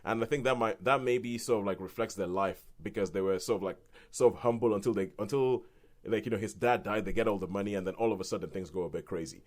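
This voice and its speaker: A British man co-hosts a film podcast, his voice sitting a little low. He rambles through his review in an animated, casual way, restarting sentences and laughing now and then. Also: quick pace. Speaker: podcast co-host reviewing films.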